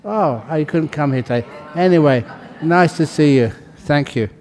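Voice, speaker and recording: A Buddhist monk leading a ceremony, calling out names in a casual, joking way and laughing between them. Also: male voice, fairly high pitch, moderate pace, darkish tone. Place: large hall.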